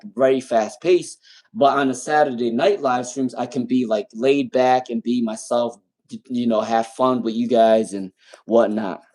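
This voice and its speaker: A young man hosting a live-stream tarot reading, talking casually with viewers, often repeating himself and breaking into laughter. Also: mid-range voice.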